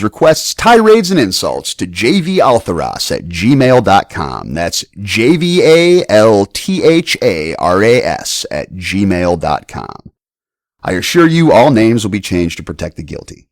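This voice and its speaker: Deep-voiced profane man, lively delivery. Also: no echo, studio quality. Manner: blunt, profane, playful. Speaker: podcast host. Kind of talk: scripted monologue.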